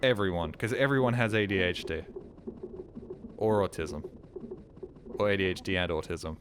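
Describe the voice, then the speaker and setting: A man's voice: low-pitched, moderate pace, noisy background. A man streaming a game, chatting casually with mumbled, joking asides.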